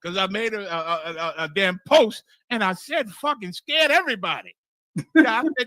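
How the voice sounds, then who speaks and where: He keeps asking "you understand?" while teaching his scripture class like a sermon, blunt and emphatic, cursing freely and repeating phrases for emphasis. His voice is high, expressive, bright, and forceful, at a moderate pace and without echo.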